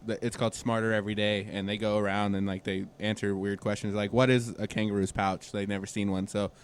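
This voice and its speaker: A man's voice: on the low side, monotone, fast, a little hiss or hum. A young man co-hosting a casual podcast, rambling with many restarts and fillers. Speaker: podcast co-host.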